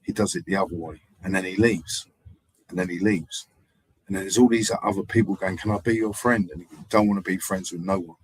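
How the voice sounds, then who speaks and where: A man's voice: low voice, steady tone, fairly quick, slightly rough, no room sound, poor audio. A man hosting a live stream, talking in a rambling, digressive way with hesitations and repeats. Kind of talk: rambling casual monologue.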